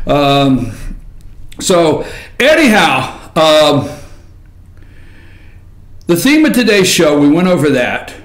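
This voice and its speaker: A man's voice: on the high side, reverberant. Rambling joking man hosting a morning show. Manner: rambling, animated, jokey, often shouting. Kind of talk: casual talk show monologue.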